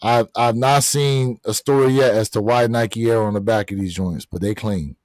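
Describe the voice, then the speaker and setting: A man co-hosting a casual livestream, opinionated and animated, with his pitch rising when he gets excited. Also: moderate pace, no room sound, studio quality. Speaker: co-host of a sneaker livestream. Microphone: streaming setup.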